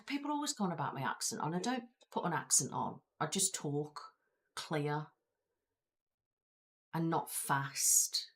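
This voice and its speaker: Low-voiced chatty British woman. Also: sing-song, brisk, hardly any pauses. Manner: rambling, chatty, reads viewer comments aloud. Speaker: ASMR channel host. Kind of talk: casual live-stream chat. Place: seated at home in a chair with her feet up.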